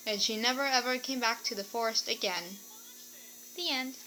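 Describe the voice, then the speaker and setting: A woman reading a children's story aloud in an animated, expressive way. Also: on the high side, normal speed, a little hiss or hum, low-quality recording.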